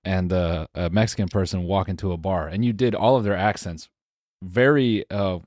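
A young man co-hosting a podcast, teasing deadpan and laughing often in casual banter. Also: deep voice, normal speed, no room sound, studio quality. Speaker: podcast co-host.

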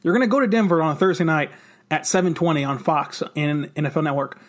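Excited male football podcast co-host, slightly higher voice, rapid rambling delivery. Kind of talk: casual sports talk.

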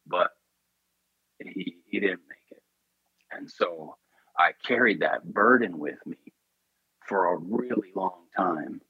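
A man's voice: deep voice, slightly rough, no echo, lo-fi sound. A man in an interview, telling a personal story in an earnest, intense way. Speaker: podcast guest.

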